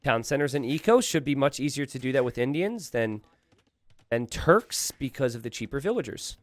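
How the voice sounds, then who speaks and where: A man casting a live strategy game, thinking aloud with animated asides to his viewers. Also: medium pitch, normal speed, no room sound. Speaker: game caster.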